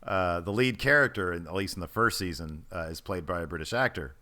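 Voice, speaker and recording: A man's voice: low-pitched, a little fast, bright, forceful tone. A man co-hosting a podcast, chatting casually in a jokey, profane way and laughing often. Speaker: podcast co-host. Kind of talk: casual chat.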